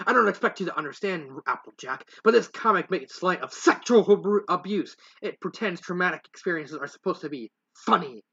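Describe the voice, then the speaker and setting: A prim, self-righteous female pony on a moral crusade, read aloud by a man. She sounds haughty and dramatic, with a bright, edgy tone and a slightly raised pitch. The recording is dull and lo-fi, like a cheap home mic. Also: expressive, a little fast, gravelly, few pauses, breathy edge, heavily acted. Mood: prim, indignant.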